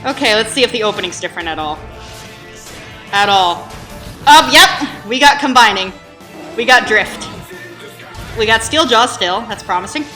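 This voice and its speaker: A woman's voice: fairly high pitch, animated, normal speed, long pauses, pushed and bright, soft background music. A woman hosting a reaction video in casual chat, rambling with lots of ums and likes.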